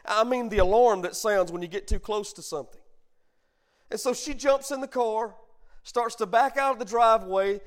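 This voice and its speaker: Pastor, man, middle-aged, high voice, preaching with call-and-response and folksy storytelling. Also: normal speed. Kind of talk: sermon.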